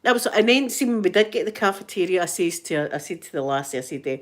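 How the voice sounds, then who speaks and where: A middle-aged woman with a Glaswegian Scottish accent, telling stories in a lively, casual way and acting out both sides of each conversation. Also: fairly low pitch, quick pace, few pauses. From Scotland. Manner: animated, swears, acts out both sides of conversations. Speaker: ASMR vlogger. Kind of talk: casual storytelling chat.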